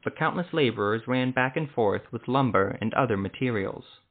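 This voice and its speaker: A man's voice: mid-range voice, expressive, moderate pace. Man narrating over tinny sound. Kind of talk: story narration.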